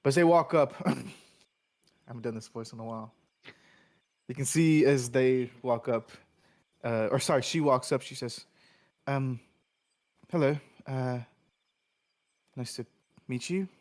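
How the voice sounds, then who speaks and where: A man's voice: mid-range voice, moderate pace, pauses often, a little mellow. A man narrating a tabletop game as game master, in a casual, filler-heavy way.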